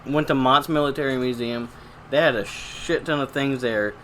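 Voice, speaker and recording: A young man chatting on a podcast with a bright, forceful voice. He jokes crudely and swears often, and a faint hum sits behind him. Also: medium pitch, normal speed. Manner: crude, joking, swears a lot. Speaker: podcast co-host. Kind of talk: casual podcast chat.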